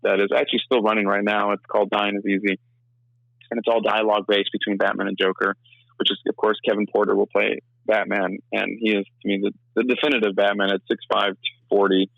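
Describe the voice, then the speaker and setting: A young man giving a casual interview, talking fast in a rambling way full of restarts. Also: fairly low pitch, little pitch movement, vocal fry, no room sound, dull audio. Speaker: filmmaker and actor, interview guest.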